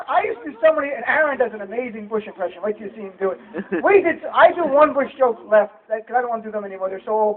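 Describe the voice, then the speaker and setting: Male stand-up from the States, very high voice, tinny phone-like live recording. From United States. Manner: conversational, chatting with the crowd. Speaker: stand-up comedian. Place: live comedy show venue. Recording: tinny low-fi live recording, crowd noise. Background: audience laughter and murmur.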